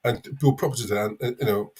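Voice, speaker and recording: A man in his fifties with a London accent, calling in to a live show and rambling along with halting restarts. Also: medium pitch, darkish tone, breathy edge. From England. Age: 50s. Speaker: caller. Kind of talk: casual chat.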